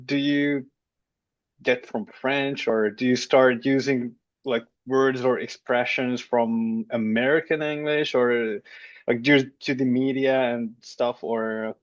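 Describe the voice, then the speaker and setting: A man from Finland hosting a podcast, asking questions with hesitant pauses. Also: medium pitch, fairly even intonation, dry recording, muffled recording. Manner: brief backchannels, hesitant questions. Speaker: podcast host. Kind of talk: casual interview conversation.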